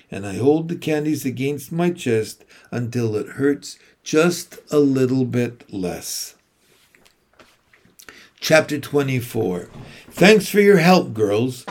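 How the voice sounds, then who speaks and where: A male narrator reads a middle-grade novel in first person, unhurried and thoughtful. His pitch sits in a middle range, and he lets each sentence settle before the next. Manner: slow, even, reflective reading. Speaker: audiobook narrator.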